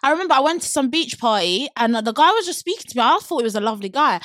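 A woman's voice: high voice, rapid-fire, dry recording. A young woman in her twenties with a London accent, hosting a podcast and telling stories in casual chat. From United Kingdom. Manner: chatty, animated storytelling with laughs. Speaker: podcast host.

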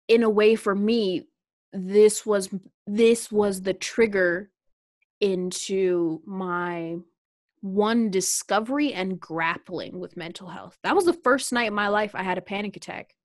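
A young woman co-hosting a casual chat, telling a story in an animated, joking way. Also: mid-range voice, no echo, studio quality.

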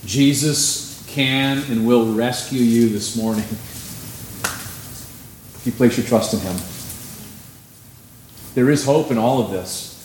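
A man preaching a sermon as pastor, conversational and animated, with sudden emphasis. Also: medium pitch, slow pace, long pauses, a little hiss or hum. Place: church sanctuary. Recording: echoey room, faint ambience.

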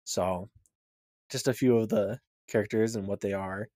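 A man co-hosting a fantasy podcast in casual chat, easygoing and halting, with lots of fillers. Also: lowish voice, steady tone, mellow, no room sound, studio quality. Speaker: podcast co-host.

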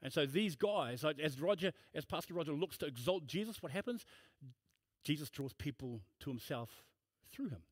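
A man's voice: fairly high pitch, expressive, moderate pace, slightly rough, no echo. A man preaching a sermon in a church, emphatic and repetitive, breaking into casual storytelling asides. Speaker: pastor.

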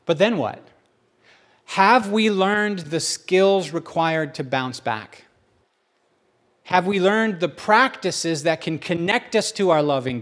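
Man, pastor, sermon, jokey, self-deprecating, chatty, fairly high voice. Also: fairly bright tone. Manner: humorous, self-deprecating, conversational.

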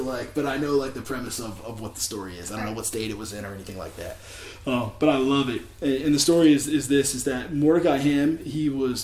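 A man's voice: medium pitch, echoey room. A man telling a story in a casual sermon, chatty, with many fillers and restarts. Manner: chatty, filler-heavy, with many likes and ums. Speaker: preacher.

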